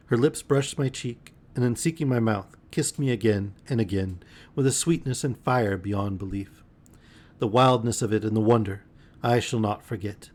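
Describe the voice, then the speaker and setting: Male streamer, lowish voice, bedtime-story reading, expressive, with wry asides. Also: normal speed. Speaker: streamer reading a novel aloud.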